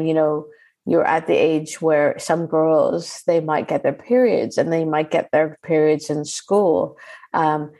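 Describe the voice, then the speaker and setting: Low, mellow-voiced woman interviewer. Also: low-quality recording. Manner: thoughtful, searching questions. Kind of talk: interview conversation.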